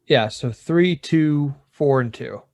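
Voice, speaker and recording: A man playing a tabletop game on a podcast, describing scenes in a relaxed, casual way. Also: a little high, takes it slowly. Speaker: player. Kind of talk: casual actual-play chat.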